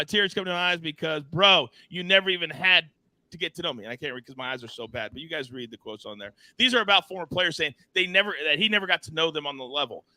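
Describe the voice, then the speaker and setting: A man hosting a live sports betting show, teasing his co-hosts and reading chat in a playful, animated way. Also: on the high side, no room sound. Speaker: host.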